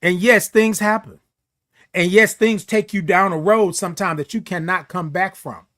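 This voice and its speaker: A man's voice: high-pitched, moderate pace, fairly bright tone. A middle-aged man hosting a morning live show, giving an emphatic, preachy pep talk that repeats key phrases and reads viewer comments.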